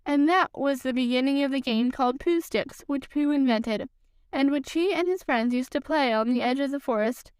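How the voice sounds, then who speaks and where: A woman hosting a podcast, reading a children's storybook aloud in a calm, measured way. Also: high-pitched, dry recording. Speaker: podcast host, reader.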